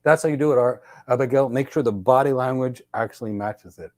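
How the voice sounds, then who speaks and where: A man hosting a podcast, giving casual career advice and telling lively stories that he acts out in dialogue. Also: medium pitch, brisk. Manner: energetic storyteller who acts out dialogue. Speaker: podcast host.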